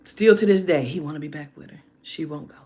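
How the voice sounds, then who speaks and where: A woman telling a personal story in a casual monologue, animated and emphatic, with heavy profanity. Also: low voice, quick pace, breathy edge.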